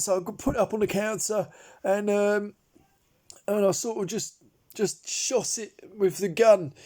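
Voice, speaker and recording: Voicing Derek, a bumbling amateur chef, a man delivers an improvised comedic character monologue, a rambling tale packed with restarts and fillers. His voice sits high and is a little mellow.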